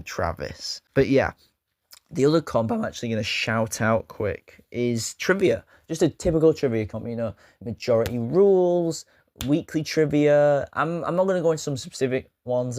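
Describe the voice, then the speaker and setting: A man's voice: medium pitch, moderate pace, a little mellow, no echo, clean studio sound. A man hosting a casual vlog, talking in a rambling, joking way with self-mocking asides. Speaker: YouTube host.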